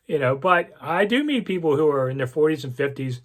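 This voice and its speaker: A man's voice: a little high, big pitch swings, brisk. A man in his sixties, a longtime sports columnist, reminiscing to camera in a casual, rambling way with lots of asides. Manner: rambling storyteller with frequent asides and self-corrections. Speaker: sports columnist hosting his own channel.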